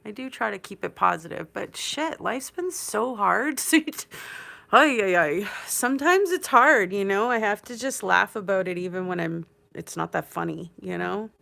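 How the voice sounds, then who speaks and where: A woman's voice: mid-range voice, lively intonation, normal speed, gravelly, pushed and bright. A tearful woman hosting a casual livestream from her couch, rambling emotionally and laughing things off while talking to viewers through a headphone mic. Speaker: livestream host. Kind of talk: casual live chat with viewers. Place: at home on a couch.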